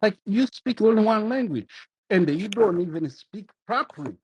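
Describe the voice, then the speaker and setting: A man's voice: high-pitched, lively intonation, moderate pace, a little mellow, husky. A man from Kenya with a Kenyan accent, calling in to a show and arguing heatedly, repeating words to break in. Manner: insistent, repeats words to cut in. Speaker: caller. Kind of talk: heated call-in argument. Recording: muffled phone line.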